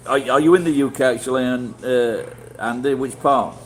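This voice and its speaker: A middle-aged Yorkshire man chats with his live viewers in a loose, rambling way, blunt and quick to swear. His voice sits at an ordinary pitch for a man. There is a faint hum of noise behind him. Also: low-quality recording. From Yorkshire, England. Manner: rambling and blunt, swears freely, many restarts. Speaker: vlogger chatting with live viewers. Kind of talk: casual livestream chat.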